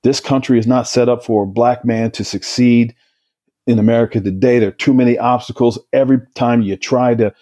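A man's voice: mid-range voice, steady tone, brisk, dark tone, no room sound, studio quality, lightly acted. A man quoting a distraught male hostage-taker, speaking in a pleading, remorseful way. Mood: weary.

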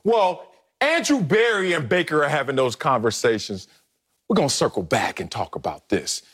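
A man's voice: on the high side, big pitch swings, moderate pace, a bit bright, breathy edge. A man co-hosting a sports talk show, arguing emphatically and playfully, often laughing as he makes his point. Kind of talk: animated sports debate.

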